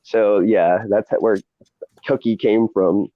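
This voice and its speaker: A man's voice: fairly low pitch, fairly even intonation, slow pace, no echo, highs cut off. A man hosting a casual chat, rambling with many fillers and frequent laughs. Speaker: podcast host and streamer.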